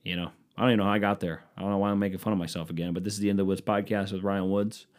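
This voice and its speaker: Man, podcast host, solo comedy rant, profane, rambling, self-mocking, lowish voice. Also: level tone, very fast.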